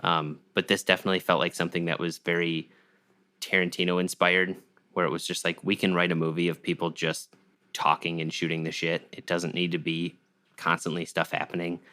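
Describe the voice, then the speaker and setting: A man with a low voice that still has a bright, forward edge, chatting casually as a podcast co-host. He rambles a bit and gets animated when he recounts a scene. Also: a little fast. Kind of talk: casual chat.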